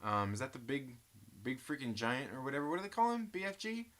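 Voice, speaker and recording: A man's voice: medium pitch, a little fast, fairly bright tone. A man hosting a casual live stream, telling rambling stories full of swearing and frequent laughter, and reading chat comments aloud.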